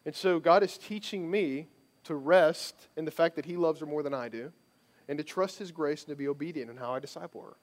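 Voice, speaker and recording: A man's voice: on the high side, a little fast. A man giving a sermon as a pastor, conversational and emphatic, repeating phrases for stress.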